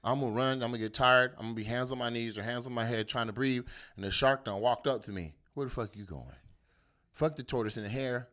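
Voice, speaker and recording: Seorang pria sebagai komedian pembawa acara yang mengomentari berita dengan kasar, penuh umpatan, dan meledak-ledak dengan suara tiruan. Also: male voice, mid-range voice, quick pace, few pauses. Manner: animated, profane, jumps into loud bits and mock voices. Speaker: comedian host. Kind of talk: comedic rant on the news.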